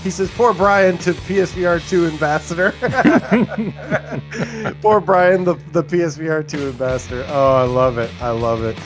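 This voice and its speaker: High-voiced man reading chat, giggling. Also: unhurried, over music. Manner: playful, giggly, reads names in bursts. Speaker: podcast co-host. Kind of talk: casual livestream chat, reading viewer comments.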